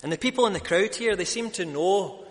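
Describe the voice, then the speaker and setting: A man preaching a sermon, building to loud, emphatic peaks when he quotes a crowd. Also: high-pitched, a little fast, long reverb tail. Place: church.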